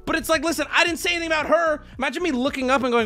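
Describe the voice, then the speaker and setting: A male streamer spins a rambling, profane story with plenty of restarts. His voice sits high and swings widely in pitch. Faint music plays under his talk. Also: fast, hardly any pauses. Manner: animated, swearing, rambling with restarts. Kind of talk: casual livestream storytelling.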